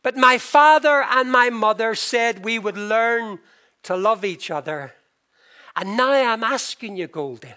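A man's voice: very high voice, animated, measured pace, heavily acted. A man voicing a blustering middle-aged husband and father who earnestly pleads with his wife. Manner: pleading, earnest, drops soft on the key question. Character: blustering middle-aged husband and father, shy when asking about love.

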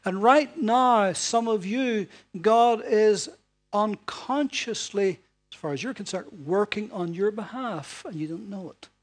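A man preaching a sermon to a congregation in a relaxed, chatty way, often ending points with tag questions. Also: sits high, a little slow. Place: church hall before a congregation.

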